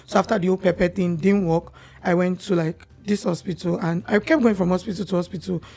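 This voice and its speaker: A young Nigerian woman, a podcast guest, telling her personal story in a candid, animated way. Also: fairly low pitch, fast talker.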